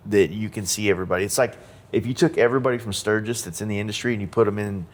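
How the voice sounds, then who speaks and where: A man with a lowish voice hosts a podcast in loose, casual conversation. He talks in a relaxed way, filling gaps with "like" and "you know". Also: racing. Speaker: podcast host. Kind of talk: casual interview chat.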